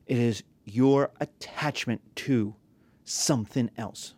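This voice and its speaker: A man's voice: medium pitch, slow, darkish tone, no room sound. A man teaching a class, talking casually with rhetorical questions and acted-out quotes. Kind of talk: classroom lecture.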